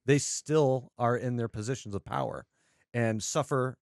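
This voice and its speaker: Earnest podcast co-host, dry mic. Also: male voice, mid-range voice, a little mellow, no echo. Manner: earnest, halting, restarts sentences. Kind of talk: casual chat.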